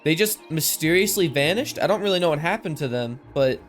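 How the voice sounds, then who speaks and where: Male gaming commentator, slightly high voice, relaxed rambling delivery, lisp-like sibilance from mic filters. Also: fairly quick, faint music behind. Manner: chatty, rambling, easily amused. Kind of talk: casual game commentary. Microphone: desk mic with processing filters.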